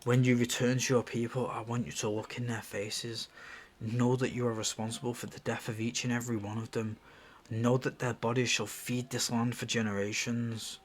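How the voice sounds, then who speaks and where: A man reading the part of a stern Roman governor aloud from a screenplay, in a quiet, measured and threatening way. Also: mid-range voice, little pitch movement, slight background noise, lightly acted. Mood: menacing. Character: stern male Roman governor, menacing and cold.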